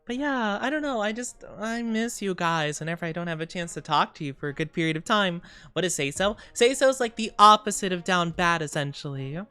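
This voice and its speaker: A woman's voice: fairly low pitch, animated, fairly quick, few pauses, bright, forceful tone, smooth, faint music behind. A woman streamer chatting casually with her live chat, rambling and giggling often, tired and yawning. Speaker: VTuber streamer.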